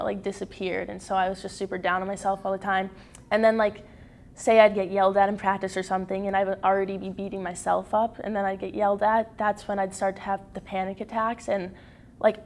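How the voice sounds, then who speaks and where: A teenage girl giving a candid personal account in an interview, halting and full of fillers and restarts. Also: mid-range voice, gravelly, slight background noise. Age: teens. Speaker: interview guest.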